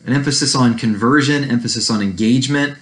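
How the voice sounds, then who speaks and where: A man's voice: medium pitch, quick pace. Man teaching church history, echoey room. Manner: unscripted, restarts phrases, fair-minded asides.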